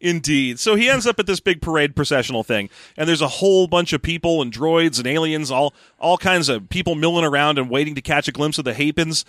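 A man co-hosting a podcast, recapping a book with joking, animated storytelling. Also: on the high side, a little fast, hardly any pauses, dry recording, clean studio sound. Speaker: podcast co-host. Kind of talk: casual comedic book recap.

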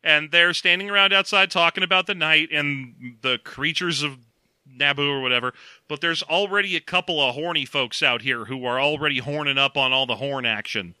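Male podcast co-host, bright and dry sound, jokey casual recap. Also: fairly high pitch, normal speed, clear, resonant tone, no echo. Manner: jokey, playful asides. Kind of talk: casual comedic book recap.

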